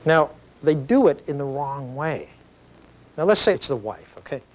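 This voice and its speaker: A middle-aged man giving an educational video lecture, explaining ideas in a conversational, animated storytelling way with frequent tag questions. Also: a little high, moderate pace.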